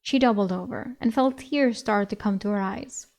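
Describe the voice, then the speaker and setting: A woman streamer reading a novel aloud in a relaxed, conversational way. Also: mid-range voice, moderate pace. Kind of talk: casual read-aloud narration.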